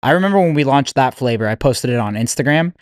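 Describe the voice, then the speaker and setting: Relaxed podcast host, dry sound. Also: male voice, mid-range voice, quick pace, no room sound. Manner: relaxed, casual, swears. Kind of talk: casual podcast interview.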